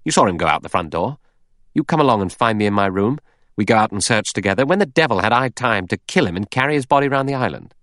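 A man voicing a cool, sardonic adventurer in an audiobook, brisk with sharp retorts. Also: low voice, very animated, no room sound, clean studio sound, heavily acted.

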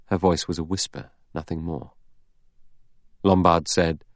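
A man narrating an audiobook in a measured, dramatic reading style. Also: deep voice, dry recording, studio quality. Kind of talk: scripted narration.

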